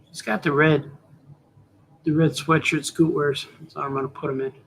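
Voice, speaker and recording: A man's voice: on the high side, level tone, moderate pace, vocal fry, a bit bright, a little hiss or hum. A middle-aged man, a cartoonist, chatting casually on a live stream while he draws, muttering to himself, trailing off and talking to his viewers. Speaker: cartoonist livestreaming while drawing.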